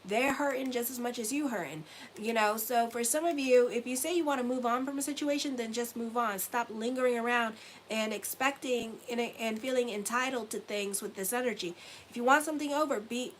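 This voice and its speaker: A woman's voice: fairly high pitch, slight background noise. A woman in her forties giving a casual weekly horoscope reading as an astrologer and tarot reader, blunt, rambling and profane.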